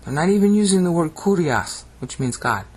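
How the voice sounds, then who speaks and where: Husky-voiced teacher who keeps asking "okay?". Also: mid-range voice, lively intonation, moderate pace. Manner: explanatory, often checks in with "okay?"; chants ancient phrases with dramatic rising emphasis. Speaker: Bible language teacher. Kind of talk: video lesson on screen slides.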